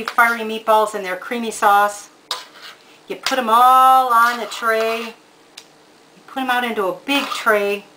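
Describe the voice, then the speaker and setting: A woman's voice: fairly high pitch, noisy background. A woman giving a casual cooking demonstration in a home kitchen, chatty and homey, talking straight to the viewer. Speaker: home cook presenting a recipe.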